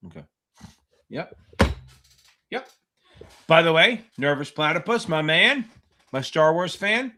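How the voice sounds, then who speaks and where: Hosting a live Q&A for exam takers, a man speaks bluntly, swears often and hammers his points home. His slightly high voice is pushed and bright, animated yet slow, with long pauses.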